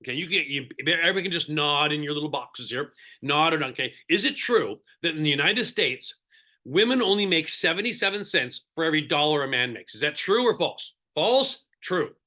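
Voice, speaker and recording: A man coaching real estate agents in a live online seminar, animated and sarcastic, often asking the audience questions. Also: on the high side, brisk.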